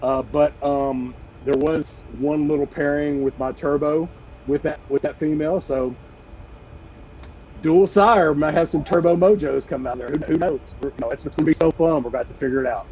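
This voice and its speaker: A man's voice: on the high side, fairly even intonation, normal speed, darkish tone, highs cut off. A middle-aged man with a Southern US accent, a reptile breeder chatting on a video call in a joking, rambling way. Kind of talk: casual livestream chat.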